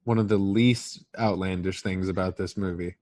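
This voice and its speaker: A man's voice: low voice, steady tone, moderate pace, a little mellow. A man co-hosting a podcast, recapping a movie in casual chat with a wry, incredulous manner. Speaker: podcast co-host.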